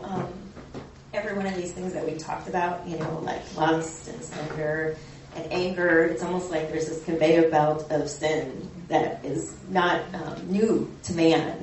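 Lower-voiced woman sharing a thought, far and echoey. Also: darkish tone, slight background noise. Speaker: study group member. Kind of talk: group discussion comment. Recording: echoey hall, far from the mic.

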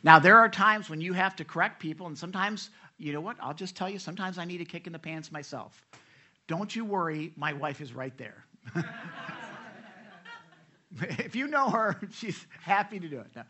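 A man preaching to his congregation in a loose, conversational way. His voice sits a little high and sounds bright and forceful. He keeps asking the room questions and briefly mimics other voices. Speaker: pastor. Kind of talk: sermon.

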